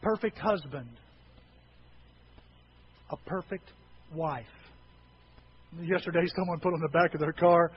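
A man's voice: fairly high pitch, unhurried, pauses often, highs cut off, a little hiss or hum. A man preaching a humorous sermon, telling folksy stories and jokes to a congregation.

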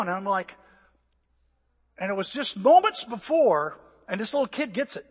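Older man, pastor, sermon, animated storytelling, high pitch, long church-hall reverb. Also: slightly rough. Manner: animated storytelling, acting out voices and shouts. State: out of breath.

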